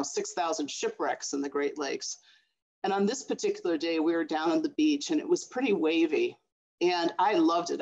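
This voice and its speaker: Low-voiced woman telling a personal story. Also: lo-fi sound. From Chicago area. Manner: expressive, acts out her mother's voice.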